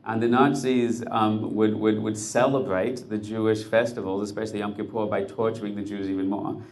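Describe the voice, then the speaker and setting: A man's voice: on the low side, little pitch movement, normal speed, a little mellow. A man telling a dramatic story to listeners, building suspense with short, punchy phrases.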